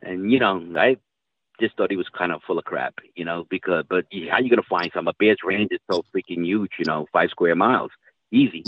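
A low-voiced man speaks briskly over a dry, tinny, phone-like line. As a guest in a casual storytelling chat, he rambles through hunting stories and swears casually.

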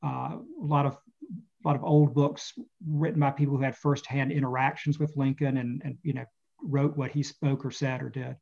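A man, an author and interview guest, talking about his novel and reading passages from it, with halting speech full of fillers and repeated words, on muffled lo-fi audio. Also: medium pitch, flat delivery, gravelly, darkish tone.

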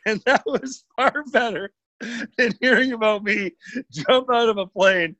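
A man's voice: sits high, measured pace, bright, forceful tone, no echo, lo-fi sound. A man in casual podcast chat, reacting with amused laughter to a friend's story.

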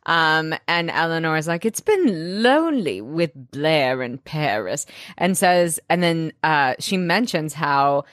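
A woman with a low voice co-hosts a casual podcast recap. She reacts emphatically, with drawn-out groans and quick agreement. The recording is close and dry. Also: lively intonation, fairly bright tone, no echo. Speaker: podcast co-host.

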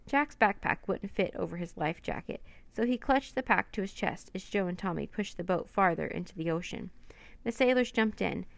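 A woman's voice: medium pitch, expressive, moderate pace, gravelly, dry recording. A woman narrating a children's storybook aloud, voicing each character herself. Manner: reads every character in lightly raised voices.

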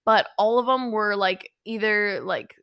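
A young woman co-hosting a podcast, telling a story in casual chat with lots of animated asides and laughter. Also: mid-range voice, unhurried, clear, resonant tone. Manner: chatty, animated, laughs often. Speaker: podcast co-host.

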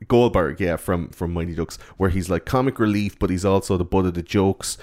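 A man chatting casually about a movie, swearing freely and acting out lines in mocking high voices. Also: fairly quick, a little mellow. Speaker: podcast co-host.

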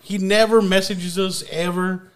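A man's voice: high voice, fairly even intonation, measured pace. A young man co-hosting a podcast, talking bluntly in casual slang and swearing a lot. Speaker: podcast co-host. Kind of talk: casual chat.

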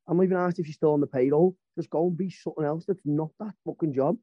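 A man's voice: on the high side, steady tone, fast, few pauses, no echo. A man on a casual podcast, ranting hard and swearing. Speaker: podcast panelist. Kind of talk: heated casual rant. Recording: dull lo-fi podcast audio.

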